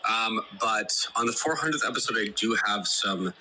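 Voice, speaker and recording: A man hosting a podcast, making a halting announcement with many filler ums, heard from a phone video held up to the mic. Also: lowish voice, lively intonation, background noise. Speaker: podcast host. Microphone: prerecorded video on a phone held to the mic.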